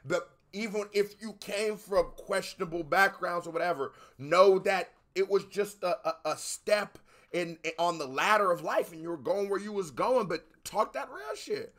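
An American man in casual commentary as a reaction video host, animated and loose with swearing. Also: high-pitched, normal speed. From United States. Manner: animated, swearing, talks over the track.

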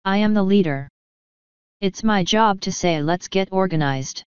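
A woman voicing Ham Pork, a gruff old rat leader. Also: mid-range voice, no echo, dull audio, natural voice. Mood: grumpy. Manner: growling, slow and grumpy.

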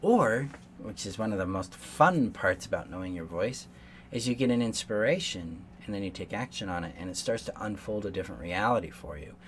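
Man, low-pitched, earnest life coach, talks a lesson step by step, faint hiss behind. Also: expressive, a little fast, fairly bright tone. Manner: earnest, explains step by step with repeated phrases. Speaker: codependency coach. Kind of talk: solo teaching monologue. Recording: faint background noise.

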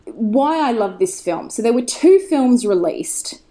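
A woman's voice: a little high, very animated, measured pace, warm tone. A woman talking as a podcast guest, chatty and enthusiastic, wandering off on tangents as she tells the story. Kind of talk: casual chat.

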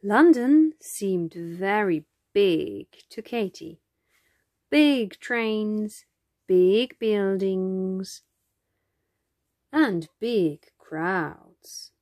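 A woman reading a children's picture book aloud in a gentle, expressive storytelling manner. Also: mid-range voice, drawn-out words, no echo, studio quality. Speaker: storybook reader.

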